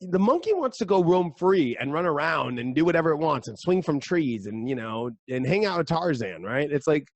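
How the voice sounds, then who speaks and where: A man speaking as a guest astrologer in a casual podcast chat, energetic and rambling, now and then slipping into playful voices. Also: fairly high pitch, moderate pace, few pauses, no echo, highs cut off.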